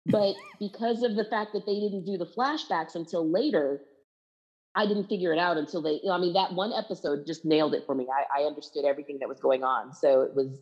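A woman's voice: on the low side, a little fast, a little mellow, highs cut off. A woman in casual conversation about a TV series, frank and chatty, often correcting her co-host. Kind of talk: casual chat.

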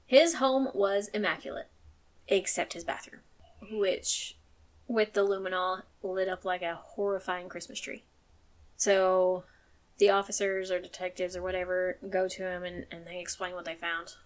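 A woman's voice: medium pitch, flat delivery, moderate pace. Woman, podcast host, true crime chat, swears a lot, emphatic, announcer tone when angry. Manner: casual storyteller who swears often, gets emphatic when angry; says she uses a firm announcer voice when angry.

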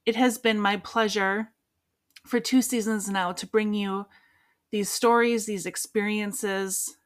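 A woman's voice: mid-range voice, fairly even intonation, takes it slowly. A woman podcast host thanking her guest and addressing listeners in an earnest closing appeal. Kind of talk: podcast outro.

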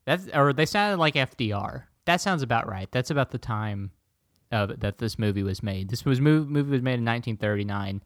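Guy joking around on a podcast, dry close mic, pretty middle pitch. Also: animated, brisk, no echo. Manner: joking, puts on silly impressions. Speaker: podcast co-host. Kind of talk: casual banter.

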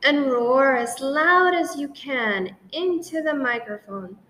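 A stern, unimpressed male lion teacher from a storybook, as a woman reading aloud puts him on. He gives orders in a bossy, dry way, slow and deliberate, with a fairly high voice. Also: animated, bright, forceful tone, a little hiss or hum, exaggerated voice. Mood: instructive.

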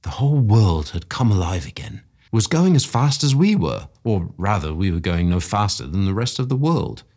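A man narrating a classic story for a podcast in a low, husky voice. His reading is expressive and climbs with excitement. His pitch moves around a great deal. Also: normal speed, hardly any pauses.

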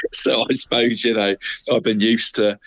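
A man's voice: fairly low pitch, steady tone, a little slow, a bit bright. A middle-aged man, co-hosting a football podcast in easy casual chat, laughing often and calling his friend "mate". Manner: chatty, says "mate" constantly, laughs often. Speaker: podcast co-host.

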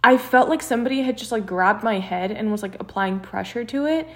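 A woman's voice: a little high, brisk. A young woman telling a personal story in casual chat, acting out what others said. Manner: animated storyteller, acts out quotes.

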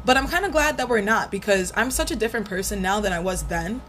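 A woman's voice: mid-range voice, fast, a bit bright. A young woman in her twenties, candidly recounting a painful first breakup in a casual, profane storytelling way. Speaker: vlogger. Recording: faint background noise.

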